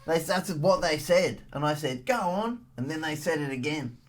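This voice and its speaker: A man's voice: a little high, moderate pace, pitched below the performer's own voice, natural voice. A man voicing a boastful male Italian kobold servant with a hammy put-on Italian accent. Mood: indignant.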